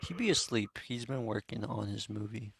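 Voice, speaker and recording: A man talking excitedly in casual voice chat with friends, swearing and retelling what he heard. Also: fairly low pitch, normal speed, creaky, slight background noise.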